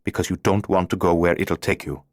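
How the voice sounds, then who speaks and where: A man's voice: low voice, fairly even intonation, fairly quick, dry recording, clean studio sound. A man playing an urgent, secretive male stranger in an audiobook, giving terse instructions.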